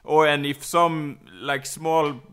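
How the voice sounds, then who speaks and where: A man's voice: fairly high pitch, level tone, slow pace, a bit bright, smooth. A man with a Swedish accent chats casually as a podcast co-host. He restarts words and hunts for the right English phrase, in a slightly raised voice. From Sweden.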